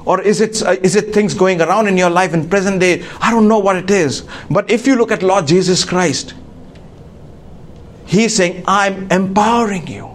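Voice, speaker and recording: A man preaching a sermon to a congregation, halting with many fillers and restarts. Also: high-pitched, a little hiss or hum. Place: church.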